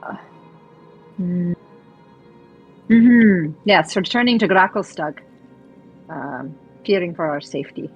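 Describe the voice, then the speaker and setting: Low-voiced woman, hesitant player. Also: lively intonation, slow pace, pauses often, muffled recording, soft background music. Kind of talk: tabletop game play.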